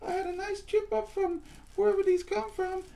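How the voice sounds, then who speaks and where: A cheerful little toy buddy chirps in a thin, squeaky falsetto, put on by a man. The tone stays soft and mellow, a playful stuffed-toy voice. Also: little pitch movement, normal speed, creaky.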